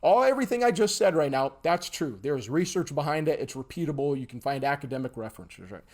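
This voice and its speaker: A man's voice: on the high side, quick pace. A man teaching a livestream lesson in an emphatic way, acting out examples and checking in with his audience after nearly every point. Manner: emphatic, keeps checking in with "okay?" and "all right?"; animated, acts out examples. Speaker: instructor.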